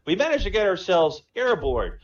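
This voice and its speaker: A man's voice: high-pitched, sing-song, moderate pace, voice pushed up. A man putting on a boisterous drunk Irish pub man. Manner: loud, boisterous, blustering. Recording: dull lo-fi online voice chat.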